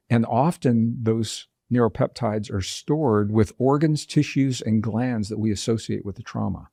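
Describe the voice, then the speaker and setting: A man being interviewed as a guest author, telling personal stories and explaining ideas in a measured, earnest way. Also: mid-range voice, vocal fry, dark tone, dry recording, studio quality. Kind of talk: reflective interview storytelling.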